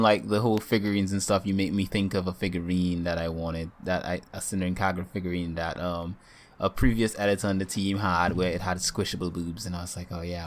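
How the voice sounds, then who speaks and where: Laid-back low-voiced man who laughs a lot. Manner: laid-back, laughs often, rambling asides. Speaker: podcast co-host. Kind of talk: casual podcast chat.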